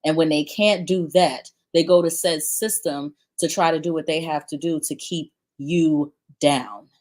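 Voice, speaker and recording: Lower-pitched woman, cussing and sarcastic, reacting to a clip. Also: fairly even intonation, measured pace, a little mellow. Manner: blunt, profane, sarcastic. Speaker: commentary host. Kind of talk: reaction commentary.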